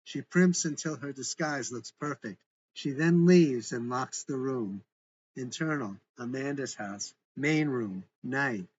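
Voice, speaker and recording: A man's voice: mid-range voice, slow, breathy edge, lo-fi sound. A man reading a script aloud with stage directions in a plain, matter-of-fact way. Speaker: narrator and author.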